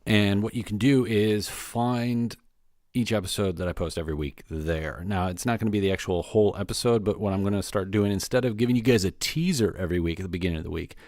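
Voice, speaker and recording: Male podcast host, lowish voice, dry close sound, casual rambling solo update. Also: fast, a little mellow, no echo. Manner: loose and rambling, many fillers and restarts.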